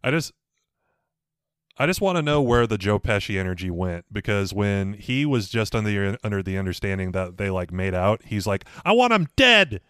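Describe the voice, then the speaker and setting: A man co-hosting a podcast, chatting in an animated, profane way. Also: fairly low pitch, normal speed, clean tone, no room sound, clean studio sound. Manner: animated, profane, loud mock impressions. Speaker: podcast co-host. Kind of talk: casual chat.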